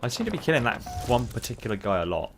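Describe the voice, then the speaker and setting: A man's voice: mid-range voice, huge pitch swings, fast talker, over music. A man streaming a video game, chatting casually to viewers with lots of fillers while he plays. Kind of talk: casual gaming commentary. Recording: game gunfire noise behind voice. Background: game gunfire and sound effects.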